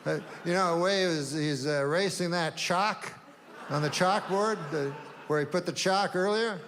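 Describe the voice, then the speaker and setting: A man doing a stand-up routine, deadpan and rambling, with long meandering setups and offhand asides. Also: high-pitched, moderate pace, a little hiss or hum. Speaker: stand-up comedian. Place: comedy stage before a live audience. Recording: live room reverb, faint ambience.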